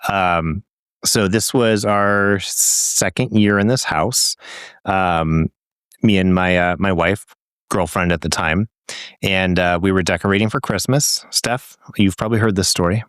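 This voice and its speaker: Low-voiced man telling a rambling story. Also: measured pace, a bit bright, clean tone, no room sound, clean studio sound. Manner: rambling storyteller, swears freely. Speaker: podcast co-host. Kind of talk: casual chat.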